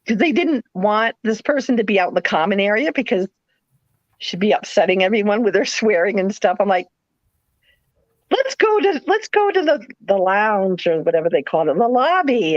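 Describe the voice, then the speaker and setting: A middle-aged woman with a New England accent, telling rambling stories in a casual live chat. Her voice swings up and down in pitch as she slips into little put-on voices. The sound is dry and a bit dull, like a lo-fi stream. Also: fairly quick, no echo. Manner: rambling, animated storytelling with playful put-on voices. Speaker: live sale host, former nurse.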